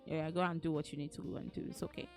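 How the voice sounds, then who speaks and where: A woman's voice: sits low, little pitch movement, very fast, a little mellow, faint music behind. A woman streamer chatting casually with her viewers, playful and teasing, putting on mock anger and laughing often. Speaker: streamer reading to chat.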